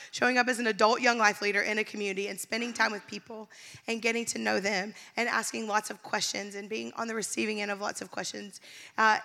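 A woman's voice: medium pitch, gravelly, bright, forceful tone. A woman pastor speaking candidly to her church, emotional and laughing often. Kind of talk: sermon-style church announcement. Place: church stage.

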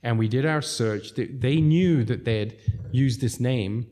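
A man's voice: mid-range voice, unhurried, warm tone. A man, a restaurant owner, telling rambling stories in a casual chat with lots of laughter. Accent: non-American English. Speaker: restaurateur guest.

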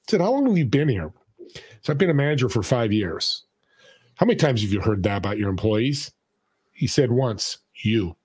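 Animated man telling stories, dry sound. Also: medium pitch, moderate pace, husky, dry recording. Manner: animated storyteller acting out quoted voices. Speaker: podcast host and guest. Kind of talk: storytelling in casual conversation.

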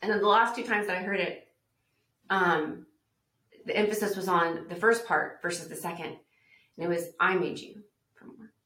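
A woman's voice: fairly low pitch, moderate pace, long pauses, sharp tone. Earnest woman guest in a roomy space. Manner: earnest, reflective, acts out quoted voices. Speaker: podcast guest speaker. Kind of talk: personal testimony storytelling. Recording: roomy echo.

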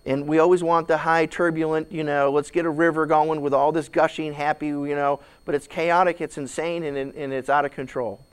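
Male pastor, high voice, preaching with big dramatic swings from hush to shout, stammering restarts. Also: flat delivery, a little fast, hardly any pauses, clear, resonant tone. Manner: repeats words when starting sentences. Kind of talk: sermon.

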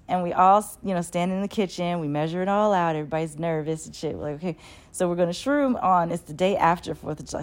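A woman casually telling a long personal story, animated, with plenty of fillers and swearing. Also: fairly low pitch. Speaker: channel host.

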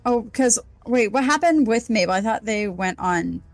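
Player, female, higher voice, laughing and profane, dry close sound. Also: moderate pace, no echo. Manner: laughing, swearing, animated. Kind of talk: tabletop role-play banter.

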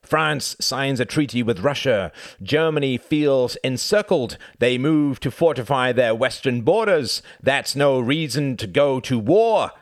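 A man voicing a heated, defiant man in an audiobook, loud and indignant. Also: medium pitch, animated, a little slow, no room sound, studio quality, voice pushed up. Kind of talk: audiobook character reading.

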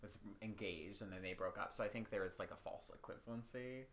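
A man's voice: fairly low pitch, fairly quick, slight background noise. A man co-hosting a podcast in casual chat, talking loosely with lots of "like" and frequent laughs. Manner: loose, chatty, heavy use of "like", laughs often. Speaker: podcast co-host.

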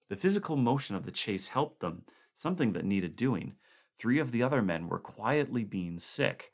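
A man with a low voice reads a story aloud. His delivery is calm and even, with the plain pace of a storyteller. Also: moderate pace. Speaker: audiobook reader. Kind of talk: story narration.

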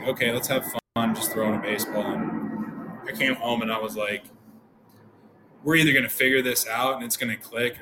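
A man in his thirties with a lowish voice tells stories on a podcast. He talks casually and slips into the voices of people he quotes, with a faint hum of noise behind him. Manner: animated, acts out quoted dialogue. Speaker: podcast guest, former pro pitcher. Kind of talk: casual storytelling.

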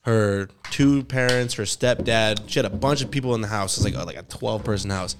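A young man in casual chat, telling a profane, animated story as a podcast co-host. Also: fairly low pitch, a little fast, noisy background.

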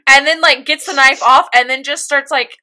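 Young woman, bright and slightly high voice, lively casual anime recap with acted-out lines. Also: moderate pace. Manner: animated recap with acted-out quotes and laughs. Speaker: podcast co-host recapping an anime. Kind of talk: casual chat.

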